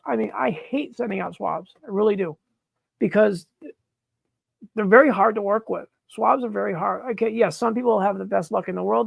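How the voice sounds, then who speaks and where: A man's voice: high voice, creaky, dry recording. A man hosting a live mushroom-growing stream, talking casually while demonstrating and answering questions, blunt and exasperated, swearing freely.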